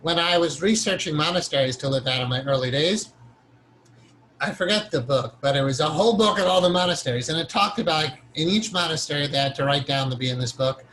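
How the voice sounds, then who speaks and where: A man's voice: on the high side, fast talker, a bit bright, a little hiss or hum, low-quality recording. A man teaching a meditation course in an informal, rambling lecture style, earnest and conversational with frequent self-corrections and an occasional chuckle. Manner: earnest, chuckles now and then.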